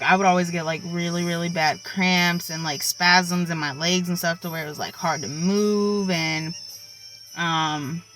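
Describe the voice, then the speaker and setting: Bright-voiced young woman telling a story. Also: fairly low pitch, poor audio. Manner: chatty, filler-heavy, with many likes and ums. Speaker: vlogger. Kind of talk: casual storytime.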